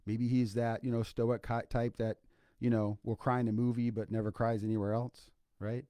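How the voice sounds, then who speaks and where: With a dark tone and flat, moderately paced delivery, an older man from Iowa talks at medium pitch in a dry, clean studio recording. A clinical psychologist and grandfather, he's alone on his co-hosted podcast's impromptu livestream, earnestly repeating points between fillers.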